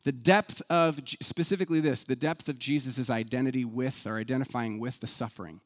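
A man preaching a sermon as pastor, stressing points with swings in loudness. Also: mid-range voice, brisk. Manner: emphatic, varies loudness for stress.

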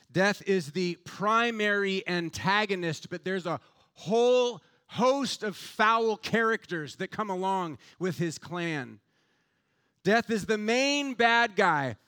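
A pastor delivers an impassioned sermon, his voice sitting fairly high for a man. He preaches with fervent, building emphasis, pressing each point with rhetorical questions. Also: a bit bright.

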